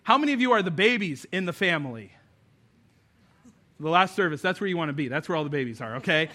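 This pastor's voice sits on the high side, and he speaks fast, sounding animated, pushed and bright. Preaching to his church congregation, he stays earnest and conversational while slipping in some humor.

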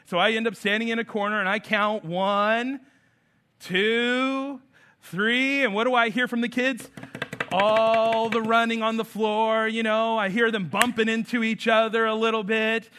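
A man in his thirties preaching a sermon, telling stories with lively acted-out voices. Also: high-pitched, moderate pace, a little hiss or hum. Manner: storytelling, animated, acts out voices. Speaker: pastor.

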